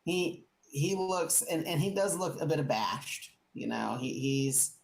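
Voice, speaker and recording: A woman's voice: low voice, expressive, measured pace, gravelly. A woman narrating as game master of a tabletop game, describing scenes in a rambling way with many restarts.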